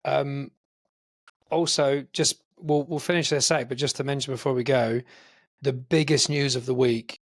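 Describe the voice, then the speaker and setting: A man's voice: mid-range voice, steady tone, normal speed. Eager man chatting about films. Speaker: podcast co-host. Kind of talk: casual film chat.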